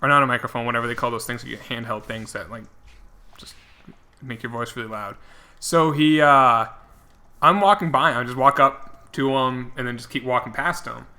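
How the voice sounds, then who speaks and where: A man's voice: medium pitch, normal speed, bright, forceful tone. A young man streaming a video game, telling stories and reading chat in a rambling, chatty way with lots of fillers. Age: young adult. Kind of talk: casual commentary while gaming.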